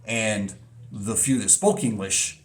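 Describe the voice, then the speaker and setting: A man's voice: fairly low pitch, takes it slowly. A man vlogging in a casual monologue, telling a story in an earnest, emphatic way.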